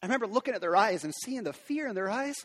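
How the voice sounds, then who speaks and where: A man's voice: high-pitched, animated, racing, fairly bright tone. A man preaching a sermon to parents in an earnest, conversational way. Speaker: pastor. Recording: long reverb of a large hall.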